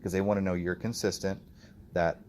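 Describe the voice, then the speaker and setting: A man working as a dog trainer, coaching an owner outdoors in an animated, explanatory way. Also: low-pitched, a little fast, a little hiss or hum. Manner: explanatory, animated, acts out the dog's thoughts.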